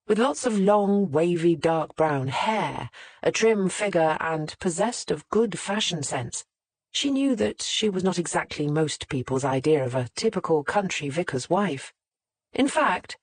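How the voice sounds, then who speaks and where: Audiobook narrator, mid-pitched, measured scripted reading, close dry mic. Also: husky, no room sound.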